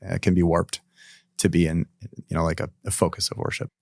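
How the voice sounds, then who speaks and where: Pastor, man, deep and earnest, reflective podcast talk, dry room. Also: flat delivery, fairly quick, creaky, darkish tone, no echo. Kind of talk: casual podcast discussion.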